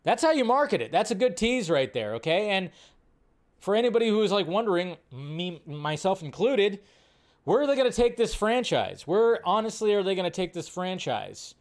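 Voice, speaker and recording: A man hosting a casual live-stream about movie news. His voice sits fairly high. He talks with plenty of enthusiasm and riffs by repeating words over and over. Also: sing-song, normal speed.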